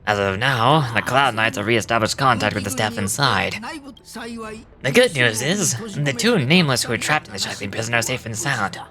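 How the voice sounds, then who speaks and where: A woman doing a deep old male general. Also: animated, normal speed. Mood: grave. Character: stern elderly male general, calm commander. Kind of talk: fan voice acting of a game script.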